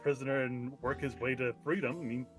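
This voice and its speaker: A man's voice: mid-range voice, fairly even intonation, fairly quick, soft background music. A man guesting on a stream, chatting casually with dry, short replies.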